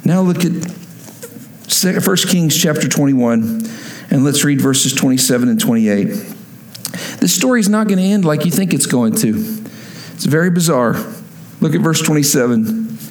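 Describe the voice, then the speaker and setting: High-voiced male pastor preaching. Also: animated, normal speed, pauses often, reverberant, low-quality recording. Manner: preaching, rising to loud emphatic peaks. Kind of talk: sermon.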